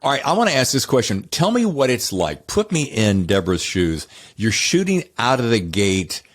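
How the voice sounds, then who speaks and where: A man's voice: medium pitch, sing-song, moderate pace. A man with a Southern American accent from North Carolina, hosting a podcast interview in a chatty, rambling, effusive way. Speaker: podcast host. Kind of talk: casual interview chat.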